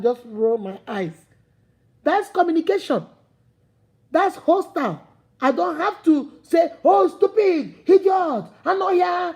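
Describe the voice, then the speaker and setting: A woman relationship coach giving an animated, preachy vlog talk, speaking straight to her viewers as sister and brother and acting out quoted dialogue. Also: high-pitched. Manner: acts out quoted dialogue in playful voices. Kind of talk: motivational vlog talk to camera.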